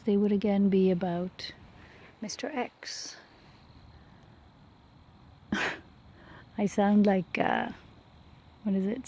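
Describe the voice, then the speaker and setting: A woman rambling reflectively in a vlog while walking outdoors by a lake, talking into her phone and often dropping to a whisper. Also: mid-range voice. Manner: reflective, soft-spoken, drops to whispers. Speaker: vlogger. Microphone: phone held while walking.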